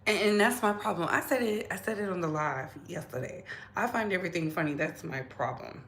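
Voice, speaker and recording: Woman, lowish voice, casual gossip commentary host, echoey room, faint noise. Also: a little fast, fairly bright tone. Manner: chatty, reads posts aloud.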